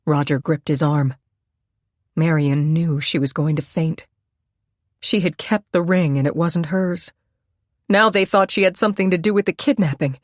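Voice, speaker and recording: A woman narrating a suspense novel in a measured, steady storytelling voice on a close microphone. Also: low voice, no echo. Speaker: audiobook narrator. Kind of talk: scripted narration.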